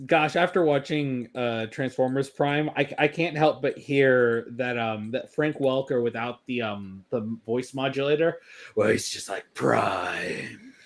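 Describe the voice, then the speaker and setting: A man's voice: mid-range voice, unhurried, few pauses. A young man chatting casually as co-host, joking and laughing often. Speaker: co-host reacting to a review. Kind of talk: casual chat.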